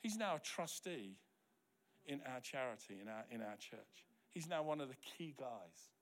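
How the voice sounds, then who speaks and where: A middle-aged man from New Zealand preaching a sermon as pastor, telling stories and acting out the quoted dialogue, sometimes dropping to a soft, quiet voice. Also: mid-range voice, big pitch swings, normal speed. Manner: drops to a soft, quiet voice for tender moments.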